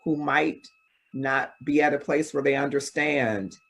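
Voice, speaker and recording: A man hosting an interview, calm and affirming as he asks questions. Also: a little high, a little slow, creaky, breathy edge. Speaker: interview host. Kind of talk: interviewing a guest.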